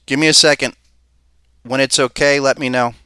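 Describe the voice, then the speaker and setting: A man hosts a live market commentary show with a bright, forceful tone and a smooth, crisp voice. He thinks aloud, casual and conversational, and tosses out rhetorical questions. The sound is dry and close, with no room echo. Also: mid-range voice, steady tone, normal speed. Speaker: podcast host and market analyst.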